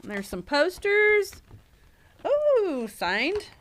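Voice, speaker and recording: A woman hosting a casual unboxing livestream, excited and laughing often. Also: very high voice, drawn-out words, a little hiss or hum. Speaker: livestream host.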